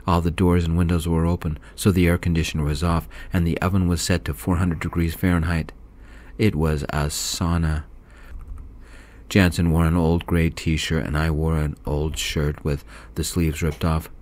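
A man narrating a story in a calm, soft-spoken whispered role-play. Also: low voice.

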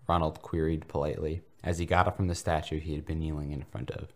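Deep voiced guy reading fanfic out loud, deadpan mock-serious narration. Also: fast talker. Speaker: podcast host reading fanfiction. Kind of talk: mock-earnest comedic narration.

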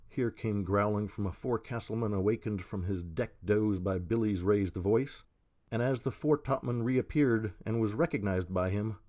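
A man reading an audiobook in a measured, scripted narration. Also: on the low side, darkish tone.

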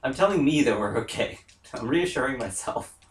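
A woman's voice: a bass voice, lively intonation, normal speed. A woman co-hosting a let's play in casual chat, giggling and reassuring her partner, often apologizing. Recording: roomy echo, distant mic, faint hiss.

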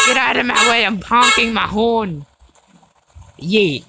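A woman doing casual let's-play commentary, excitable, yelling and swearing at the game. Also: medium pitch, measured pace, pauses often, very noisy. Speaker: gaming video host.

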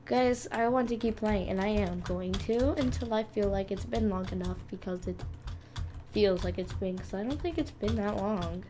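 A woman's voice: medium pitch, normal speed, background noise. A young woman hosting a gaming channel, chatting playfully to viewers as she plays. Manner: chatty, playful, talks to viewers while clicking. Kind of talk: casual gameplay commentary.

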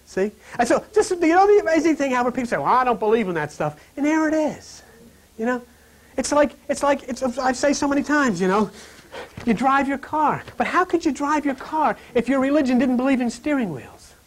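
Male host, high voice, animated storyteller who laughs a lot and turns hushed and low on spiritual points. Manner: animated storyteller, laughs through his stories; drops to a hushed, low, slow voice on spiritual lines. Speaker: host of a spiritual talk program. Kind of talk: rambling spiritual talk with personal anecdotes.

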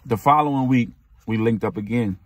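A man's voice: medium pitch, fairly quick, no echo. A young man telling a personal story in casual, slangy storytime style. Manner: slangy, animated retelling. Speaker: vlogger.

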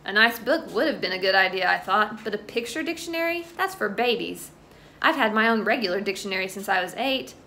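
A woman reading a children's chapter book aloud, telling it in the first person. Her narration is expressive, with dry asides. Her voice is bright and clear, and it sits in a middle register. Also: medium pitch, brisk, slight background noise. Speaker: storybook reader.

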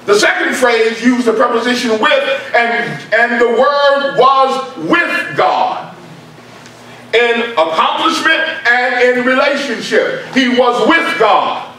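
A very high-pitched man delivers an emphatic sermon, driving home key points by repeating them. He speaks slowly and deliberately. The sound is heavily echoey and picked up from a distance in a church. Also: sharp tone. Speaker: preacher. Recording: very echoey room, mic far off.

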